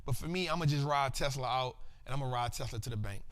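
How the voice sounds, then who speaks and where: A man's voice: medium pitch, quick pace. A man hosting a live finance stream, talking casually in slang and calling out to his viewers in the chat. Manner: hyped, slangy, calls out to viewers. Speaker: host of a finance livestream. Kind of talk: casual livestream talk with chat shout-outs.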